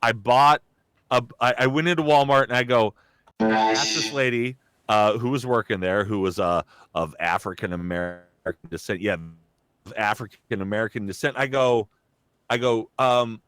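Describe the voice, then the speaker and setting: A man's voice: mid-range voice, normal speed, a bit bright, smooth, no room sound, studio quality. A young man, a guest on a live talk show, telling a casual story with lots of restarts and quoted voices. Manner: rambling, full of restarts and acted-out quotes. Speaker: guest, voice actor and comedian.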